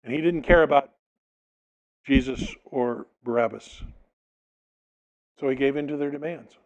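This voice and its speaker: A man's voice: mid-range voice, measured pace, poor audio. A male pastor preaching a sermon, reading a passage aloud and explaining it, sometimes acting out the people in it. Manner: expository preaching, reads scripture then explains it, dramatizes quotes.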